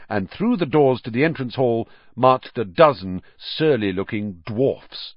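A man narrating a children's fantasy audiobook in an expressive, animated reading. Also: mid-range voice, unhurried, hardly any pauses, dry recording, muffled recording. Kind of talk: scripted narration.

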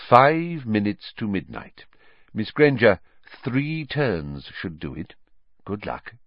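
Guy doing a grave old wizard headmaster, low quiet voice, slow and super clear, dull dry recording. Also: big pitch swings, no room sound, exaggerated voice. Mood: calm.

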